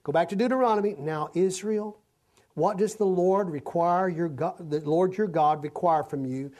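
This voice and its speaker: A man's voice: high-pitched, moderate pace, darkish tone. A male preacher giving an expository sermon, reading scripture aloud and breaking into folksy, conversational asides. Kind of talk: sermon, expository Bible teaching.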